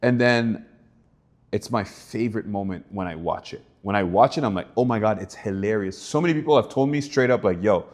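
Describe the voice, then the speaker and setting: A young man from Canada, an actor guest in a casual interview, telling animated stories and acting out quotes with laughs. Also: fairly low pitch, a little fast.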